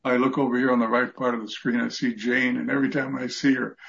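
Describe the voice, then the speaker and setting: A man's voice: medium pitch, little pitch movement, quick pace, creaky, fairly bright tone. An 85-year-old man giving an earnest, emotional testimony of gratitude in a group video call. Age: 80s. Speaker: fellowship group member. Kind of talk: heartfelt testimony in group chat. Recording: muffled lo-fi video call audio.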